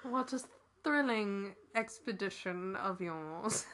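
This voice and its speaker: A woman's voice: medium pitch, lively intonation, slow pace, fairly bright tone. A woman co-hosting an improvised comedy chat, asking questions and dropping dry, teasing quips. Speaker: comic co-host asking questions.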